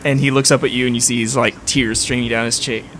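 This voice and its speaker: A man's voice: medium pitch, level tone, quick pace, fairly bright tone, a little hiss or hum. A man working as dungeon master, narrating a tabletop game in a loose, rambling way full of fillers.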